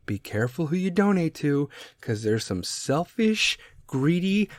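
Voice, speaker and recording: A man's voice: fairly high pitch, sing-song, measured pace, hardly any pauses, dry recording, clean studio sound. A man hosting a solo podcast, talking bluntly and sarcastically and swearing constantly. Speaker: podcast host. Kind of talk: profane solo podcast rant.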